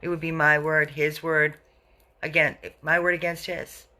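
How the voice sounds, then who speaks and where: A woman's voice: low voice, flat delivery, unhurried, bright, forceful tone. A woman who runs an animal rescue, talking on a live video to viewers, answering their comments indignantly and repeating herself.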